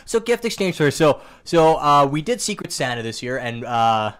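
A man's voice: fairly high pitch, normal speed, clean tone. A man hosting a podcast, chatting casually and joking with his co-hosts while plugging the show. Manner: joking, animated, plugs the show. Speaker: podcast host. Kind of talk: casual chat.

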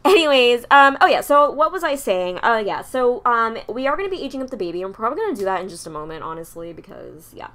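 Chatty young woman, lively pitch. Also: fast talker, few pauses. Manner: chatty, exasperated asides to her game characters. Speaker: gameplay streamer. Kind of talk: casual gameplay commentary.

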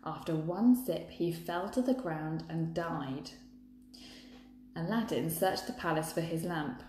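A woman's voice: low voice, slow, darkish tone, slight background noise. A woman reading a children's book aloud, breaking off for chatty asides to viewers. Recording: echoey room, faint ambience.

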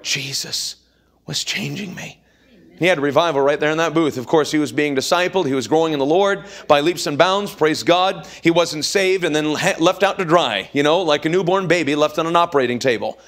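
A man's voice: fairly high pitch, brisk, few pauses, fairly bright tone. A man preaching a revival sermon in a church, with an emphatic, repetitive cadence. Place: church sanctuary.

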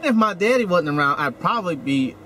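A man's voice: sits high, very animated, fairly quick, a bit bright, a little hiss or hum. A man hosting a casual comedy chat, teasing his guest with provocative banter. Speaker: host, comedian. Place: inside a van.

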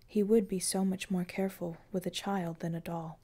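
Woman, audiobook narrator, scripted fiction, calm even storytelling, warm mellow voice. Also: fairly low pitch, moderate pace.

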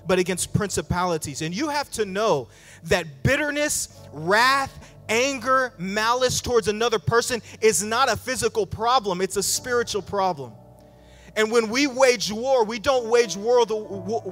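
Give me a high-pitched male pastor preaching in a reverberant church with faint music. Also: measured pace, a bit bright. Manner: conversational, acts out quoted apologies, calls for amens. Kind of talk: sermon. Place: church sanctuary.

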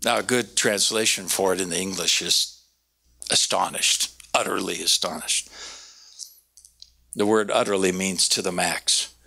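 A man preaching a sermon, animated, slowing down to stress key words and raising his voice when he quotes. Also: gravelly. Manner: animated, quoting with raised pitch, slowing for emphasis. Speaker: pastor.

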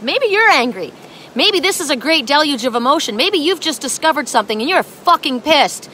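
A woman's voice: sits high, expressive, brisk, bright, forceful tone, a little hiss or hum. A woman giving a spiritual oracle card reading in a dramatic, emphatic way, with casual swearing.

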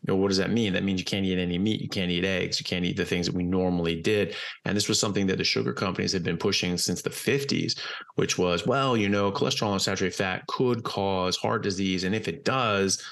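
Low, gravelly-voiced man explaining bluntly. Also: steady tone, fairly quick, a bit bright. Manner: explanatory and emphatic, with loose fillers and repeated words; blunt, occasionally swears. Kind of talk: casual podcast conversation.

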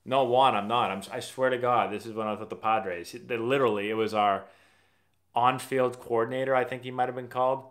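A man's voice: medium pitch, steady tone, a little fast, a bit bright. Chatty man hosting a live stream. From Massachusetts. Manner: rambling, chatty storyteller who often restarts sentences. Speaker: live-stream host answering viewer questions. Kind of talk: casual live-stream chat.

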